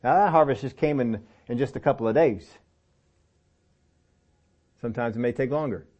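A middle-aged male pastor delivers his sermon like a chat, his voice at a plain, everyday pitch. He tells personal stories and often lifts his pitch to drive a point home. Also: normal speed, dull audio. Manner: conversational storytelling with lively pitch swings and laughs.

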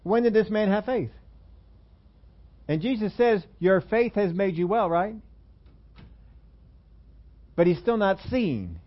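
A man's voice: sits high, lively intonation, takes it slowly, long pauses, lo-fi sound. A man preaching a sermon in a church room, talking conversationally and putting questions to the congregation. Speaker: pastor.

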